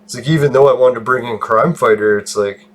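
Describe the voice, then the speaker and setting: A man's voice: medium pitch, fairly quick. A man casually commenting on his own gameplay, rambling, laughing often and swearing. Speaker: gaming video host.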